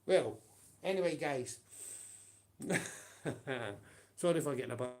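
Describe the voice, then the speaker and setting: A man's voice: on the high side, lively intonation, measured pace, darkish tone. A man with a Scottish accent ranting on a livestream, profane and confrontational, with blunt taunts.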